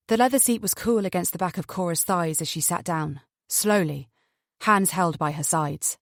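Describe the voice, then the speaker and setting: Dry, measured female audiobook narrator. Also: fairly low pitch, no room sound.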